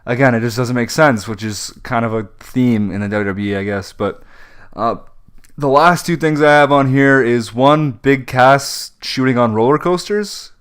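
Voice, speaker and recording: Young man, podcast co-host, smooth clear voice, casual frustrated rant. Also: mid-range voice, normal speed, a bit bright. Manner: frustrated ranting with frequent fillers. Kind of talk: casual wrestling chat.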